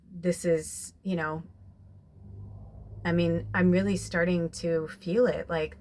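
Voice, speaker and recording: A young adult woman, a spiritual medium, talking in a rambling, emotional way with lots of "like" and "you know", then leading a guided meditation. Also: on the low side. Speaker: spiritual medium doing a card reading. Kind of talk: casual, emotional personal talk and guided meditation.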